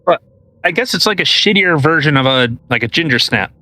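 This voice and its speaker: Man, podcast co-host, bright edgy tone, dry close sound, rambling, hesitant. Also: fairly high pitch, animated, fairly quick, no echo. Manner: rambling, many fillers and restarts, hesitant. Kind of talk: casual podcast chat.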